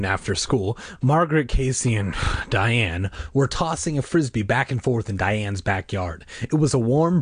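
A man's voice: mid-range voice, slightly rough, dry recording, studio quality. A man reading a children's novel aloud in a casual way, cracking crude jokes between passages. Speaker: reader.

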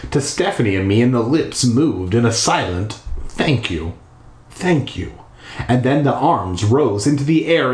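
A man reading a spooky children's book aloud in a bathtub, throwing in crude, irreverent asides. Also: medium pitch. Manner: irreverent, swearing ad-libs. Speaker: reader. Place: bathroom, in a bathtub. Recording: echoey bathroom.

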